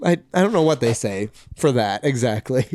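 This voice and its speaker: A young man co-hosting a podcast in relaxed, joking casual chat, laughing often. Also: mid-range voice, normal speed, no room sound, studio quality. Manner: relaxed, laughs often, lively swearing banter. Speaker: podcast co-host.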